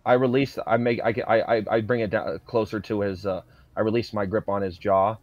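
A man's voice: fairly low pitch, steady tone, fairly quick, darkish tone, no room sound, dull audio, soft background music. A man playing a tabletop role-playing game, talking intensely and aggressively with lots of swearing. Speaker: player.

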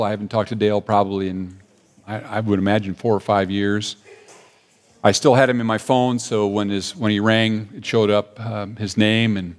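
Midwestern pastor preaching in a casual way. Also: male voice, lowish voice. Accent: Upper Midwest American. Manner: conversational storytelling with frequent restarts and fillers. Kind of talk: sermon. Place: church sanctuary.

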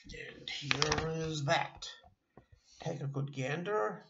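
A middle-aged man teaching a beginner language lesson online, halting often with fillers and restarting words. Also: fairly high pitch, highs cut off, very noisy. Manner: halting, with frequent uh and self-corrections. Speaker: Yiddish teacher.

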